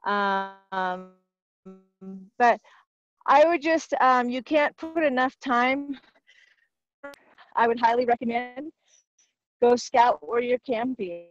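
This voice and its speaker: A woman speaking on a poor call from outdoors in the woods, encouraging and halting. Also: on the high side. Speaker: panelist. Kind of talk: casual talk from outdoors on a call. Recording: dull lo-fi call audio.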